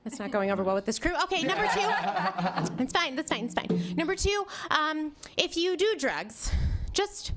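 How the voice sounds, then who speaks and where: Wry high-voiced woman telling a story. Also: sing-song, moderate pace, noisy background. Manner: wry, self-deprecating, laughs often. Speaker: storyteller at open mic. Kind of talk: personal comic storytelling.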